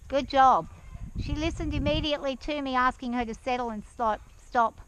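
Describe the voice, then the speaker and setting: A woman talking softly and calmly to her horse as she rides it outdoors around a farm yard, with an action camera worn while riding. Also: sits high, moderate pace, slight background noise, low-quality recording. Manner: soft, soothing coaxing of a horse. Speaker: horse rider and farm owner. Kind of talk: riding vlog narration.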